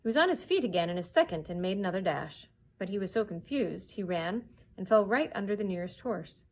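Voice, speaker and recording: A woman reads a children's chapter book aloud at story time in an expressive, steady voice. Her pitch sits in the middle range for a woman. She narrates with lively emphasis and stops here and there to point out pictures. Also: a little fast, low-quality recording. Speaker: children's librarian. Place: public library.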